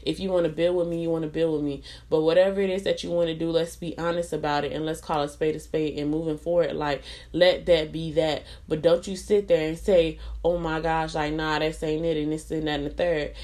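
A woman's voice: low voice, steady tone, a little fast, mellow. A young adult woman venting bluntly and profanely about a relationship, repeating herself for emphasis. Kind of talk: candid relationship venting monologue.

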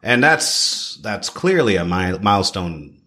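Man, 30s, from Canada; low-pitched, expressive guest chef, repeats phrases for emphasis. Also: takes it slowly. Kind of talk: podcast interview.

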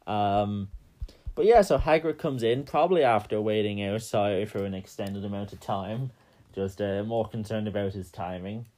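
A man's voice: on the low side, moderate pace, dark tone. A man co-hosting a casual podcast, recapping a film in a joking, rambling way with lots of fillers. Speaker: podcast co-host.

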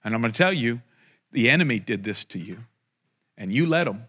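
A man's voice: lively intonation, brisk, fairly bright tone. A man preaching a prophetic sermon, speaking directly to listeners with passion and joking asides. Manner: impassioned, joking asides, rising to a fervent pitch.

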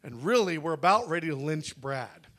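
A middle-aged male pastor with a high, bright voice tells his story in an animated, conversational way. He slips into dialogue often and restarts his sentences along the way. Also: normal speed. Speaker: pastor telling a testimony.

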